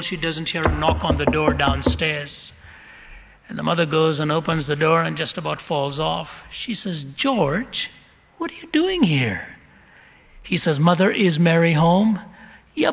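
A high, bright-voiced man preaches with earnest, dramatic storytelling. His voice carries a long reverb, as if he is in a big hall. The recording sounds dull and muffled. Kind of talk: sermon with storytelling.

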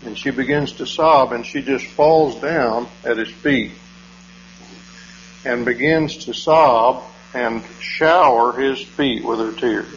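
Slow, earnest preacher man, lo-fi hum. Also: mid-range voice. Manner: earnest storytelling, frequent "uh" pauses. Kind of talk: sermon. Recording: dull lo-fi recording with mains hum.

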